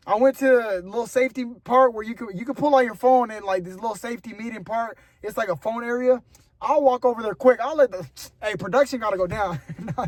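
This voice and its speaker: A man's voice: very high voice, no echo. A young man vlogging casually to the camera, earnest and rambling, giving motivational talk and calling his viewers "bro". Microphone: camera mic.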